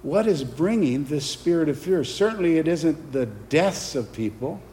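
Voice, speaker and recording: Impassioned pastor in a reverberant hall. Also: male voice, a little high, expressive, moderate pace. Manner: impassioned, rising to forceful emphasis, call-and-response. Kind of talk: sermon. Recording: long hall reverb, faint background noise.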